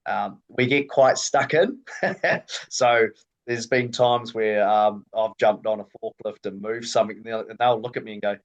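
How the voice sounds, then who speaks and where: A man from Australasia, a rally team technician, chatting casually as a podcast guest, relaxed and rambling with many fillers. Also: lowish voice, moderate pace, dull audio. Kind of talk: casual interview chat.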